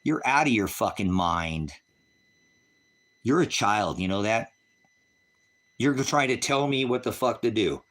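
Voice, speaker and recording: A man's voice: fairly low pitch, animated, measured pace, pauses often, a bit bright. A man on a ranch ranting angrily on a livestream, profane and taunting. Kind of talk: angry livestream rant.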